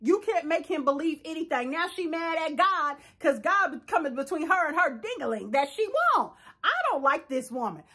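Sassy high-voiced woman recapping reality TV. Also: moderate pace, few pauses. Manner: sassy, animated, talks straight to the viewer. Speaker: reality show recap host.

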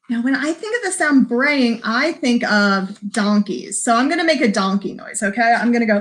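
A librarian reads a picture book aloud to young children, her fairly high voice animated and moving at a moderate pace with few pauses. She uses a sing-song, encouraging tone, mixes in animal noises, and speaks directly to her young viewers through a livestream camera mic.

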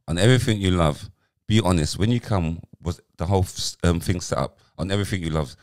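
A man's voice: low voice, brisk, darkish tone. A man in his forties co-hosting a podcast, blunt and teasing, swearing a lot in casual banter. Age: 40s. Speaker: podcast co-host.

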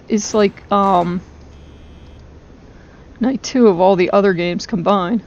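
A woman commenting on her own horror game playthrough into a close microphone, excitable and quick to shriek and laugh. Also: medium pitch, highs cut off. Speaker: gaming video host. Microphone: close desk microphone.

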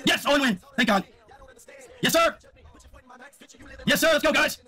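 A man streaming his own gambling, excitable and swearing constantly, bursting into shouts. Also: very high-pitched, a little slow, long pauses, soft background music. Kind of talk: live-stream reaction.

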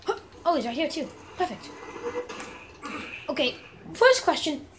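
A young woman casually commenting on her gameplay, chatty and excitable, yelling at enemies now and then. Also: high voice, measured pace, background noise. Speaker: gamer.

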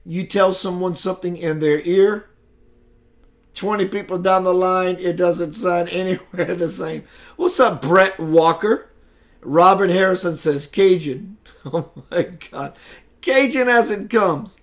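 Male spiritual host, live broadcast, slow and emphatic, slightly high voice.

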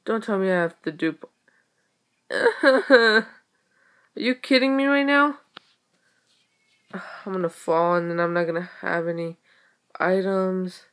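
A young woman giving casual game commentary, excitable, exclaiming and muttering to herself as she plays. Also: medium pitch, slow, long pauses. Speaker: gaming video creator.

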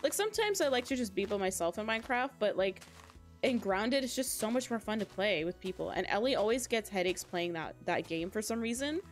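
Giggly young woman streamer, lively voice. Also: mid-range voice, fairly quick, faint music behind. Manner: giggly, chatty, talks straight to chat. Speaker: livestream host. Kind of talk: casual gaming livestream chat.

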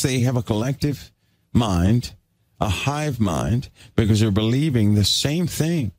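Husky, lively-voiced male preacher. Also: on the low side, dry recording. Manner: exhorting, emphatic. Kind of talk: sermon.

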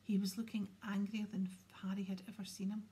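A woman reading a children's novel aloud in a soft, half-whispered storytelling manner. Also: mid-range voice, little pitch movement, brisk, husky. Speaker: audiobook reader. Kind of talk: storybook narration.

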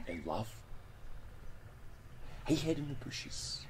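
A man's voice: mid-range voice, lively intonation, a little slow, noisy background. Man telling a fairy tale, whispering and exclaiming. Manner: swings between hushed whispers and loud exclaims. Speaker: storyteller. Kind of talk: dramatic fairy-tale storytelling.

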